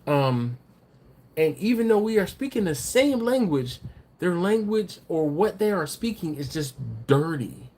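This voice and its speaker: A man's voice: high-pitched, very animated, unhurried, a little mellow. Chatty man hosting a live stream. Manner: chatty and rambling, laughs often, repeats words. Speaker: livestream host reading viewer chat. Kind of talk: casual live chat.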